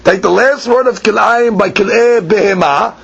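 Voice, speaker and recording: A man teaching a Talmud lesson, chanting the text in a sing-song and then explaining it quickly, asking and answering his own questions. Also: high voice, gravelly, a bit bright. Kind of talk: Talmud lecture. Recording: dull lo-fi podcast recording with faint ambience.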